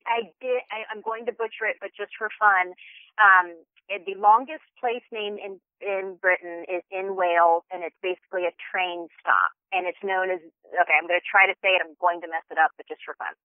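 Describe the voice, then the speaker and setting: A woman on a travel show, telling stories in an enthusiastic, chatty way with lots of quick restarts. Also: medium pitch, steady tone, no echo. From United States. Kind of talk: casual phone interview. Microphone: telephone. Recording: tinny phone line.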